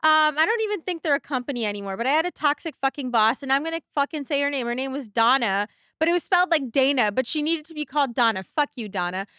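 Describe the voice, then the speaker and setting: Woman, 30s, podcast co-host, blunt and profane, high bright voice, dry close sound. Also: lively intonation, fast, no room sound. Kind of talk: casual chat.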